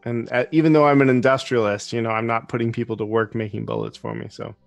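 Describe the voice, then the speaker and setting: A man's voice: medium pitch, level tone, fast talker, gravelly, dry recording, faint music behind. A man playing in a tabletop game, casual and joking, often laughing. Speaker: player.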